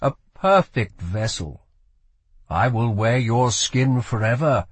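A man voicing a shadowy male magic being in a storybook reading, speaking slowly and coldly with menace. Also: mid-range voice, lively intonation, husky, no room sound. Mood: menacing. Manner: slow, cold, menacing.

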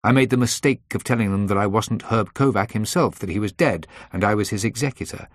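A man reading a first-person audiobook in a measured, tense manner. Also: lowish voice, no echo, studio quality. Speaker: audiobook narrator. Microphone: close dry studio mic.

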